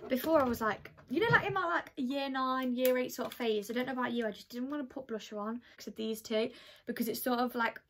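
A woman's voice: fairly high pitch, quick pace, slight background noise. A teenage girl chatting through her makeup routine as a beauty vlogger, full of "like" fillers. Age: teens. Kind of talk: get-ready-with-me makeup chat.

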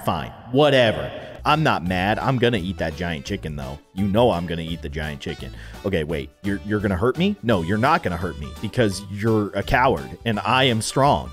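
A young man giving playful let's-play commentary on a video game, swinging from loud excited outbursts to mumbled asides. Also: mid-range voice. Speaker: gaming YouTuber.

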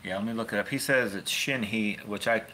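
A man's voice: fairly low pitch, moderate pace, pushed and bright, a little hiss or hum. A man hosting a fishing channel, chatting casually into his phone in a rambling, folksy way with wry asides. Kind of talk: casual rambling livestream chat.

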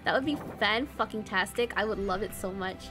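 A young Malaysian woman streams a game as a VTuber, chatting casually in a medium-pitched, fairly quick, pushed and bright voice. She reads chat aloud and swears now and then, with faint game music in the background.

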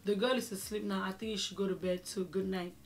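A woman's voice: mid-range voice, fairly even intonation, fast, lightly acted. A woman voicing a strict female employer who scolds about bedtime in a firm tone. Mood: stern.

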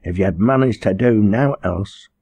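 A man's voice: on the low side, moderate pace, a little mellow, husky, dry recording. A man voicing a stubborn young pit girl who speaks bluntly and steadily in a broad Lancashire dialect. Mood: stern.

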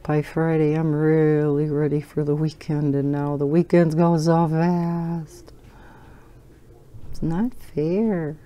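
A woman's voice: low-pitched, little pitch movement, slow, mellow. An older woman hosting a coloring channel, chatting at home in a rambling way while she colors, with lots of fillers and fond laughs. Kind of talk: casual chat while coloring.

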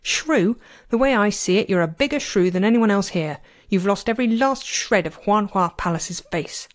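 A woman's voice: mid-range voice, expressive, moderate pace, lightly acted. A woman voicing a sneering young male disciple who mocks a rival, read in an amateur audiobook.

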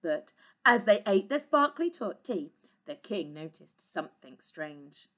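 A woman teacher reading a storybook aloud to young children, expressive, with gentle asides to her listeners. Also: medium pitch, a little slow, heavy background noise. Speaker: reception class teacher.

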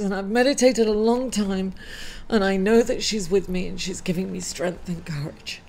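A grieving woman giving a casual weekly astrology reading, halting and apologetic with many fillers. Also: medium pitch, creaky, darkish tone. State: grieving, tearful at times. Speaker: astrology reader. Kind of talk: casual weekly horoscope talk.

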